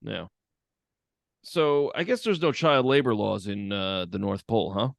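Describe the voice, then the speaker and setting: A man's voice: lowish voice, measured pace, gravelly, no room sound, clean studio sound. A man who teaches, co-hosting a podcast in casual chat, laid-back, swearing and laughing often.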